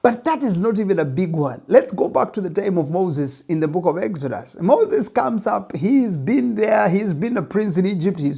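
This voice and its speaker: A man giving a motivational talk on pitching, retelling a Bible story emphatically to make his point. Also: big pitch swings, normal speed, vocal fry, hardly any pauses, dark tone, breathy edge. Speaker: business speaker.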